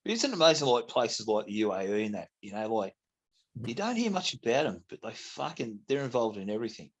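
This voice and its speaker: Casting: Australian male guest, easygoing and slangy, mid pitch. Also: very animated, fast talker. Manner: laid-back, slangy, says mate a lot. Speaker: visiting guest. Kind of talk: casual chat.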